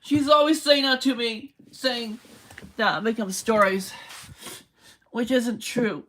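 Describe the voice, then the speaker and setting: Brief: woman, tearful livestreamer, high bright voice, pleading and repeating herself. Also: unhurried. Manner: pleading, repetitive questioning. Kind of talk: emotional livestream rant. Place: motel room.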